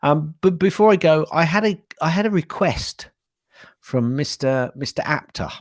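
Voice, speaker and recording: A man co-hosts a podcast in loose, casual chat. His voice rises and falls in a lively way, and he often repeats words as he rambles. The sound is dry and close. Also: a little high, normal speed, no room sound. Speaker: podcast co-host.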